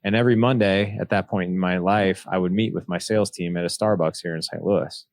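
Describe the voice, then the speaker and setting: A man's voice: low voice, steady tone, brisk, darkish tone. A man in his forties telling a personal story in an earnest, reflective way, acting out remembered dialogue. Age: 40s. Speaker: podcast guest, author.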